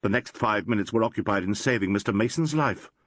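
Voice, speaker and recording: A man narrating a classic crime novel as an audiobook, reading in a measured, expressive way. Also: fairly low pitch, no echo.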